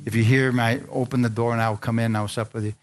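A man's voice: mid-range voice, flat delivery, very fast, a little hiss or hum. A man preaching, telling a personal story to a congregation and acting out the dialogue in it. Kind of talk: sermon testimony.

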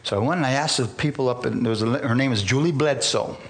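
Male pastor, gravelly voice, animated sermon storytelling that acts out every exchange. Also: mid-range voice, fast talker. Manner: animated, acts out dialogue, laughs at himself.

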